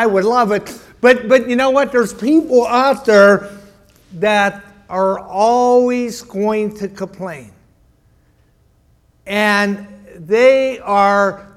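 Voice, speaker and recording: Pastor, male, unhurried sermon, restarts with repeated words, high pitched, speaking in a church. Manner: stammering repetitions, storytelling. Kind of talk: sermon with a joke.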